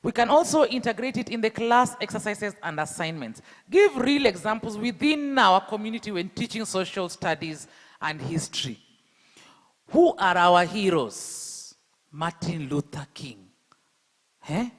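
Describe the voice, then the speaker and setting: A Kenyan man with a Luo accent speaks at a fairly high pitch, pressing his audience with rhetorical questions. His voice carries a long echo from a reverberant hall. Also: lively intonation, measured pace. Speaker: speaker at an education event. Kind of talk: public talk.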